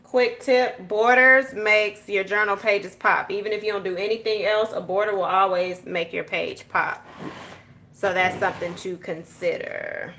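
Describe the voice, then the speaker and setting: Talking straight to her viewers, this journaling channel host, a Georgia woman with a Southern accent, walks through a relaxed journal-with-me tutorial, sprinkling in "y'all" and "okay?" often. She speaks at medium pitch, a little slowly, with fairly even intonation and a bright, forceful tone over a slight hiss or hum.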